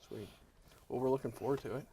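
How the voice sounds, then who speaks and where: A man hosting a casual music interview, excitable and laughing often. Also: mid-range voice, fast talker, gravelly, slightly rough. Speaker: host.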